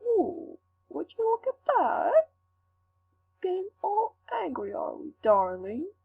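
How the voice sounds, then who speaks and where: A woman's voice: a little high, very animated, slightly rough, heavily acted. A woman voicing a sneering, taunting male demon villain in a fanfic reading. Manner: taunting, slow and sly. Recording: tinny lo-fi with faint hum.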